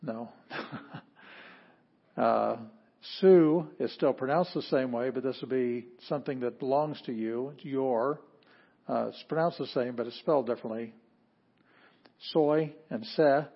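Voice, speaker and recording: A man's voice: medium pitch, a little slow, creaky, breathy edge. A man with a twang gives a casual classroom lecture, chatty and self-correcting, with joking asides. His voice sits in a middle range. The recording is dull and lo-fi. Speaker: Greek teacher.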